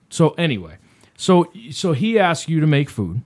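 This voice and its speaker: A man's voice: fairly high pitch, sing-song, darkish tone. A man hosting a casual chat, teasing a couple and swearing a lot. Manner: teasing, profane, quick banter. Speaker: podcast host.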